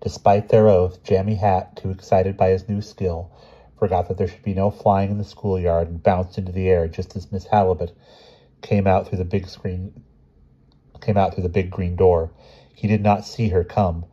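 A man reading a children's novel aloud in a calm, steady narration with small slips. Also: low-pitched, moderate pace, slightly rough, dull audio. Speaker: audiobook reader.

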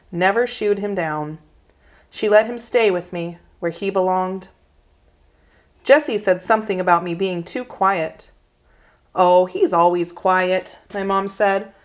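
Brief: woman reading a children's chapter book aloud, calm and steady, mid-pitched. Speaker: reader.

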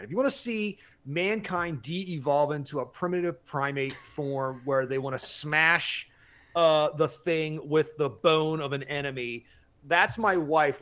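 A middle-aged man hosting a casual live-stream chat, rambling and excitable, with many restarts and some swearing. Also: fairly high pitch.

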